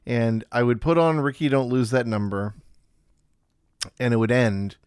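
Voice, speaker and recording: A man co-hosting a podcast, chatting in a relaxed, wry way. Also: mid-range voice, measured pace, smooth, dry recording, studio quality. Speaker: podcast co-host. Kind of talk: casual podcast chat.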